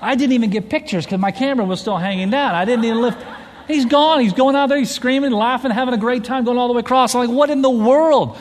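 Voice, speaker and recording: A man in his forties, a pastor telling a family story in a sermon, animated and full of restarts. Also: very high voice, fast talker. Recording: long hall reverb.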